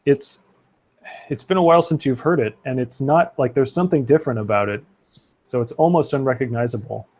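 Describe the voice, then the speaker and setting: A man's voice: medium pitch, a little fast, a little mellow. A man narrating a tabletop role-playing game as game master, loose and chatty, with fillers and laughs.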